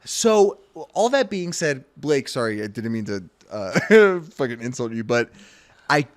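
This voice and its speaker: A young man co-hosting a podcast, riffing in a joking, crude, animated way. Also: medium pitch, a little slow. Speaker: podcast co-host. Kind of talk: casual chat.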